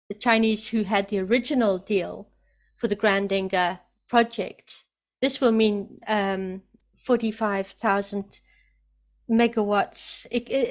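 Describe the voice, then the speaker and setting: A woman giving emphatic, excited spoken commentary, often repeating herself for emphasis. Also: medium pitch. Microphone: computer mic, camera off.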